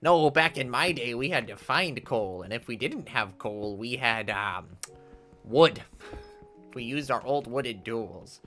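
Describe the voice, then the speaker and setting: A man's voice: medium pitch, expressive, measured pace, bright, forceful tone, soft background music. A man voicing a grumbling old-timer who lectures about how things were done back in the day. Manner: nostalgic, lecturing.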